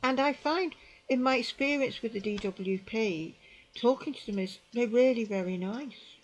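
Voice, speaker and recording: A woman in her sixties with a British accent, telling a personal story to camera in a halting, repetitive way, often restarting her sentences. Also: on the high side, poor audio. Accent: British English. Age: 60s. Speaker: vlogger.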